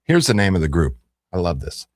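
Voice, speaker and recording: Low-voiced chatty male radio host. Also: very animated, fairly quick, dry recording, clean studio sound. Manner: chatty, rambling, self-correcting. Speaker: radio talk show host. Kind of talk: casual on-air chat. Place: radio studio. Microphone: studio microphone.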